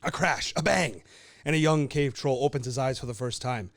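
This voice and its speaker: A man's voice: mid-range voice, moderate pace, no room sound, studio quality. A young man co-hosting a podcast, casually telling a made-up story in a loose, swearing, laughing way. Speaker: podcast co-host.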